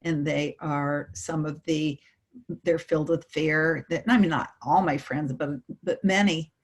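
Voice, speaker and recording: Middle-aged woman, guest on an interview, lower voice, storytelling with feeling, acts out the voices of the people in her story. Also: a little slow. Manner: emotional, animated storytelling with quoted voices. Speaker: guest speaker.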